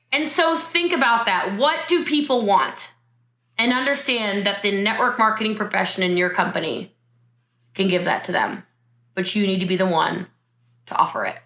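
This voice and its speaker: A woman's voice: medium pitch, lively intonation, moderate pace, pushed and bright, roomy sound. A woman giving a motivational talk on network marketing over a video call from her home, emotional and laughing as she speaks straight to her viewers.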